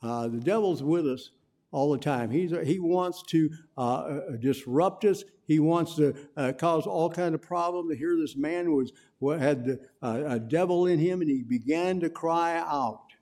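A man teaching a Bible lesson and leading a prayer, halting with many fillers and reading Scripture slowly and emphatically. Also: fairly high pitch, warm tone.

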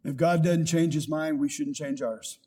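A man's voice: on the high side, steady tone, normal speed, mellow. An older man, a pastor, preaching a sermon with rising emphasis and quoted scripture.

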